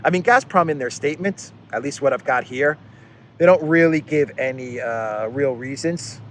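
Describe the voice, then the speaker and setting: A man's voice: medium pitch, normal speed, a little hiss or hum. A man delivers an unscripted commentary monologue in a loose, conversational way. His tone runs sarcastic and exasperated, and he readily mocks the officials he talks about. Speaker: political commentary host.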